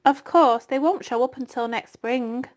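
A woman voicing a wise, weary female spider who speaks in a soft, measured way. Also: high-pitched, close to an everyday voice. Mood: gentle.

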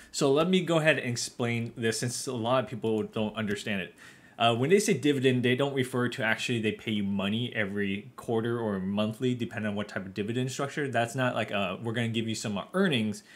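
A man gives casual market commentary for his finance video. He explains things loosely and conversationally, filling pauses with uh and um as he goes, with a mid-range voice. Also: mid-range voice. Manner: explanatory, loose, with frequent fillers.

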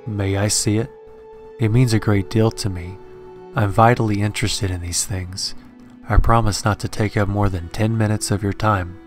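Man reads an intense, apologetic gentleman occultist in a spoken horror tale, low. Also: steady tone, moderate pace, faint music behind, natural voice. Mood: earnest. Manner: earnest and apologetic. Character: tall, lean, intense older male occultist.

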